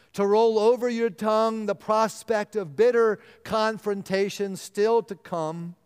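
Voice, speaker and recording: A man preaches a sermon in a high, resonant voice, earnest in tone and often sinking to a hush to press a point home. His words ring out with the long reverb of a large church sanctuary. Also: clear, resonant tone. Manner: earnest, drops to a hushed voice for emphasis. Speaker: pastor.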